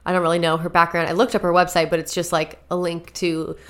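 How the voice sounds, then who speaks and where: A woman's voice: on the low side, level tone, fast. A woman co-hosting a podcast in casual chat, talking in a chatty way with many fillers. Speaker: podcast co-host.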